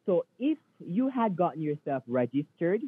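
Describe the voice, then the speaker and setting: A man's voice: a little high, sing-song, normal speed, slightly rough. A man playing a defensive male call-center manager, lecturing with many fillers over the phone. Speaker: phone scammer. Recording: tinny phone line.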